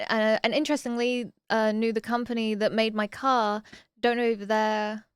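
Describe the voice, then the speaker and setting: A woman streaming casually, reading viewer messages aloud and answering them with bursts of excitement. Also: fairly high pitch, clean tone, no echo, clean studio sound.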